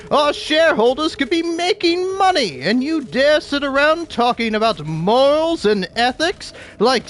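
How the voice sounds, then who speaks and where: A man's voice: very high voice, fairly bright tone, pitched above the performer's own voice, exaggerated voice. A man voicing a pompous, profit-obsessed male corporate boss with a haughty, theatrical manner and crude outbursts.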